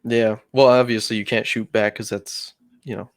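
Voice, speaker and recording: A man's voice: on the low side, little pitch movement, moderate pace, no echo, clean studio sound. A man co-hosting a podcast, telling a long story in casual chat with lots of fillers and some swearing. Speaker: podcast co-host.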